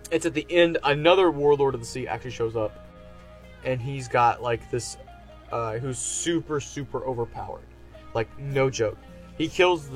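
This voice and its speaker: A man giving a casual, enthusiastic review, rambling with lots of fillers. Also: medium pitch. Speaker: anime reviewer.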